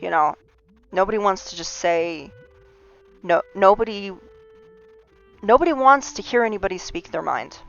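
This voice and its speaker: A woman streams a heated, earnest monologue, piling up restarts and pushing her points harder as she goes. Her voice sits at a middling pitch for a woman. The stream audio sounds a little dull and lo-fi. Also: animated, moderate pace, gravelly, pauses often, fairly bright tone, faint music behind. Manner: earnest, ranting, with many restarts and rising emphasis. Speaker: livestream host. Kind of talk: impassioned livestream monologue. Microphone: streaming mic.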